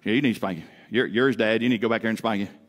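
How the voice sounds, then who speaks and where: A pastor voicing an insistent wife. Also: male voice, fairly low pitch, very fast, close to an everyday voice. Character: exasperated wife giving orders.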